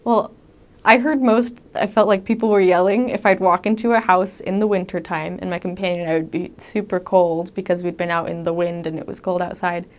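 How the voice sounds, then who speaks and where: A young woman recounts her missionary experiences in a relaxed, conversational way. Her voice sits a little low, and she peppers her talk with ums and lively quoted asides. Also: a little fast. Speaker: returned missionary. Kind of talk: casual storytelling monologue.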